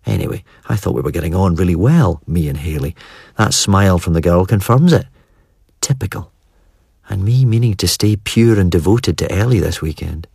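A man narrating a first-person audiobook in a wry, measured way. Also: deep voice, creaky, darkish tone, husky, dry recording, studio quality.

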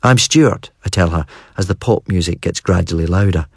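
An audiobook narrator tells a first-person story with a measured, even delivery. His voice is very deep and slightly husky, and the dry, close recording has no room sound or echo.

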